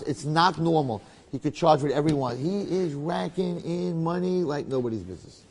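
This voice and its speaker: Animated storytelling male rabbi. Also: fairly high pitch, fairly quick, slightly rough, long reverb tail. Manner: animated, checks in with listeners. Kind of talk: storytelling in a talk.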